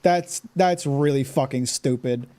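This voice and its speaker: A man's voice: medium pitch, measured pace, dark tone. A man streaming a live game, ranting in frustration and cursing at the game as he plays. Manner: talks back to the game in exasperated outbursts. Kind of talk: live gameplay commentary.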